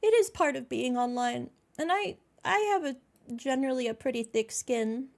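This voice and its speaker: Teary high-voiced woman streamer. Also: moderate pace, vocal fry. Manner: gushing, slangy, says dude and bro a lot. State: teary, holding back happy tears. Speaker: VTuber streamer. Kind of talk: casual live-stream chat with viewers.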